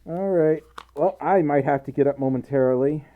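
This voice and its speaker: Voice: mid-range voice, normal speed, narrow, tinny audio. A live streamer chatting casually and reading out donations, giggling, rambling and running themselves down. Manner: giggly, rambling, flustered, self-deprecating.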